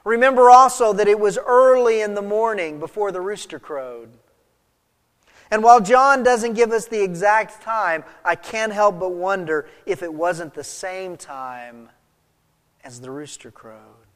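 A man preaching a sermon as a pastor, with an expressive delivery that swings between soft and emphatic. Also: sits high, unhurried, in a large hall.

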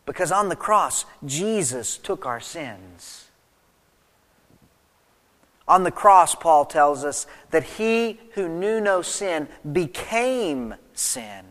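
A man preaching a sermon, reading scripture aloud and then explaining it with emphatic swings between loud and soft. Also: fairly high pitch, sing-song, slow, long reverb tail. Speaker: pastor.

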